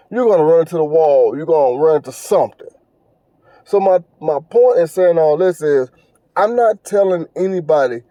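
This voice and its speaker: Earnest, preachy man with a dark tone. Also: a little high, no echo. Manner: earnest, preachy, repeats phrases, stumbles with fillers. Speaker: podcast host. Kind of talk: casual monologue commentary.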